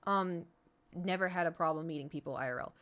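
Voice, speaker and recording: A woman's voice: on the low side, a little fast, fairly bright tone. A woman streamer telling a story in casual, rambling chat, full of fillers and restarts. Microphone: streaming setup.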